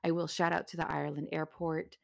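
A young woman hosts her own podcast in a casual, chatty way, poking fun at herself as she goes. Her voice sits a little low with a gravelly edge. The sound is dry and close. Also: fairly quick, no room sound. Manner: chatty, self-deprecating, animated. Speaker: podcast host. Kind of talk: casual solo podcast chat.

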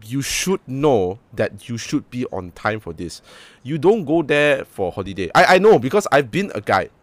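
A young man with a Malaysian English accent, hosting a casual podcast chat, blunt and animated, swearing freely. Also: mid-range voice, normal speed, no echo. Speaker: podcast host.

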